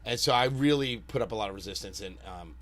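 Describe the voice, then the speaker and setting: A man's voice: lowish voice, fast talker, crowd noise. A man, a chef hosting a podcast, chatting in a laid-back way, laughing often and swearing freely. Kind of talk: casual chat.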